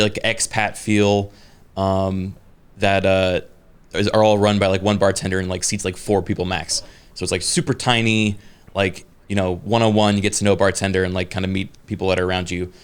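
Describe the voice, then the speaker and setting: A man's voice: deep voice, level tone, moderate pace, clean tone. A man in his thirties co-hosting a podcast, telling a story casually with many fillers and restarts. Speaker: podcast co-host. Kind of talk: casual chat.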